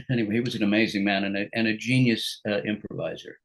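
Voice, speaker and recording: A man's voice: fairly low pitch, fast talker, few pauses. An older man, a guest actor on a rewatch show, reminiscing in casual chat and laughing often.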